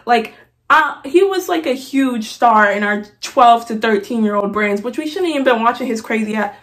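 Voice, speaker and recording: A woman's voice: on the high side, lively intonation, normal speed, a bit bright. A young woman vlogger chatting animatedly through a casual story-time video with laughing asides.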